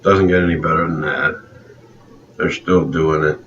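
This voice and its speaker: A man from South Louisiana co-hosting a casual movie chat, relaxed and opinionated, chuckling often. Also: extremely low pitch, moderate pace. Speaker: co-host of a movie review show. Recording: roomy, distant, dull, faint background hiss.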